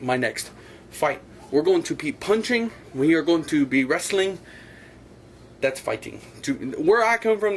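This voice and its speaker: A man's voice: medium pitch, slight background noise. A man hosting his own casual opinion vlog, rambling and blunt, with frequent filler phrases. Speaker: online show host.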